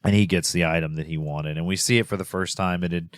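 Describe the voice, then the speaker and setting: A man co-hosting a podcast talks through a film's plot in a relaxed, rambling way, dotting his speech with "uh" and "um." His voice sits on the low side. The close microphone sounds dry, with no room echo. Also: fast. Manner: rambling with many fillers and laughs. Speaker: podcast co-host. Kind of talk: casual film recap chat.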